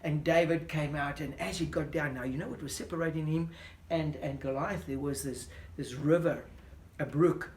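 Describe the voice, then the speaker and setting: A man telling a Bible story to children, animated and full of questions for his listener. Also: on the high side, moderate pace. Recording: roomy echo.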